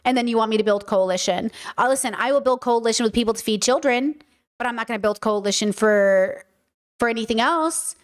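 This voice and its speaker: An American woman hosting a livestream in a loose, joking way. Her voice sits a touch higher than most women's, and she swears freely and repeats herself for emphasis. The talk is relaxed and rambling. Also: fairly quick. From United States. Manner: playful, swearing, chatty, repeats words for emphasis. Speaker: host. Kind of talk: casual livestream chat.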